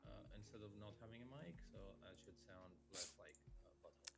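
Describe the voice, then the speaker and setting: A man's voice: on the low side, fast, vocal fry, music in the background. A man co-hosting a game development stream, joking and teasing his co-host. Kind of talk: casual chat. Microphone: desk mic.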